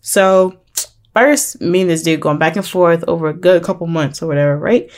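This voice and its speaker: A young woman vlogger telling a dating story to her viewers in a chatty, animated way and calling them y'all. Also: moderate pace. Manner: animated, chatty, addresses viewers as y'all, jumps up high when excited. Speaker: vlogger giving relationship advice.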